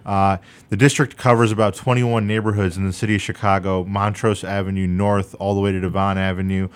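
A young man running for state senate answers interview questions earnestly, measured but with many fillers. His voice is low, level in tone and clean.

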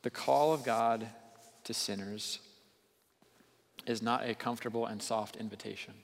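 A man preaching a sermon as pastor, earnest, moving between quiet intensity and raised emphasis. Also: mid-range voice, fairly even intonation, unhurried, creaky. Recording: long hall reverb.

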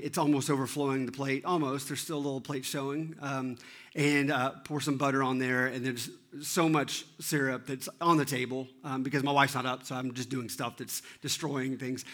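A man's voice: medium pitch, a bit bright. A man preaching a sermon as teaching pastor, telling a story about his children with self-deprecating humor and acting out their lines.

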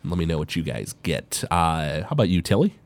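A man's voice: low-pitched, very animated, fairly quick. A man running a tabletop game as game master, narrating with many hesitant fillers.

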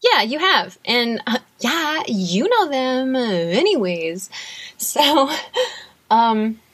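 A woman composer, a guest on a podcast, chatting in a rambling, animated way and often laughing. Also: on the high side, slow pace, husky. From USA. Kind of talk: casual conversation.

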